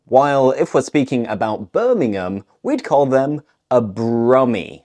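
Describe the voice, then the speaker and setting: A woman from the north of England with a Northern English accent, teaching English phrases in a clear, deliberate way. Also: extremely low pitch, big pitch swings, dark tone. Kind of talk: scripted language lesson.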